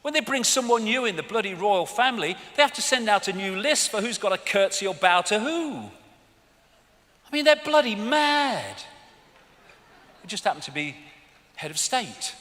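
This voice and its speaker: A man's voice: sits high, big pitch swings, normal speed, pauses often, sharp tone. Ranting man in a big hall. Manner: ranting, sarcastic, swears a lot. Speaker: public speaker. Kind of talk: arena lecture. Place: large indoor arena. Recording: big hall reverb with audience.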